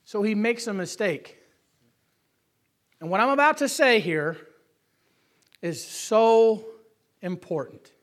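A male preacher giving an emphatic sermon that swings between loud calls and hushed asides, often asking for an amen. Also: high voice, expressive, slow pace, pauses often.

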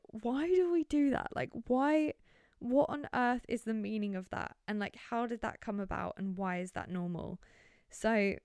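A woman's voice: medium pitch, clear, resonant tone, no echo, studio quality. A young woman hosting a solo podcast, rambling in a chatty, giggly way full of wonder, recorded on her bed in her bedroom. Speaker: podcast host.

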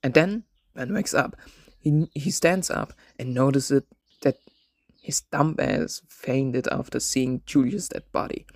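A man narrating an absurd comedic story in a deadpan way, voicing every character himself. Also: mid-range voice, slow pace, vocal fry, no echo.

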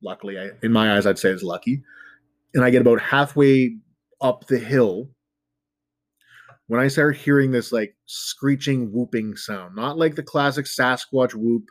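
A man's voice: medium pitch, moderate pace, dry recording. Male storyteller, casual and self-deprecating, loose filler-heavy delivery, dry close-miked sound. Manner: rambling, filler-heavy with frequent "like". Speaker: storyteller guest.

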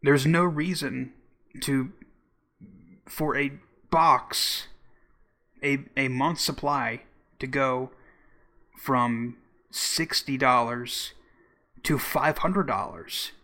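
A man from Oklahoma hosting a podcast, commenting casually in a loose, halting way with repeated words. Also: mid-range voice, fairly even intonation, bright, forceful tone. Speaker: podcast host.

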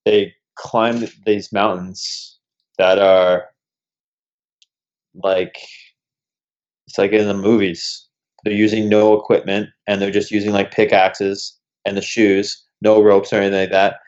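A young man with a lowish voice tells animated, expletive-laced stories as a podcast guest. The sound is dull and lo-fi, with the top end muffled. His delivery is loose and conversational. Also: slow pace, long pauses. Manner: swears freely, animated anecdotes. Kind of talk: casual storytelling chat. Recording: dull lo-fi recording.

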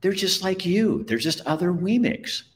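A man's voice: high voice, lively intonation, normal speed, a little hiss or hum, pitched above the performer's own voice. A man voicing a kindly toy maker who reassures a little toy, as he reads a story aloud. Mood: gentle, reassuring. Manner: gentle, reassuring. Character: kindly old male toy maker, gentle.

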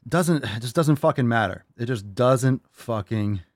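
A man hosts a fitness podcast and lectures his listeners in a blunt, profane rant. His pitch swings widely as he hammers his points home, and the sound is close and dry. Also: animated, a little slow, dry recording. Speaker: podcast host.

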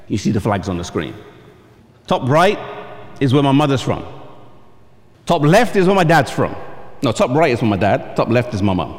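A man's voice: medium pitch, big pitch swings, moderate pace, long pauses. A man with an English accent, a pastor, preaching a sermon and telling stories with acted-out voices. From England. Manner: storytelling, acting out quoted voices. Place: camp meeting hall. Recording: long reverb in a large hall.

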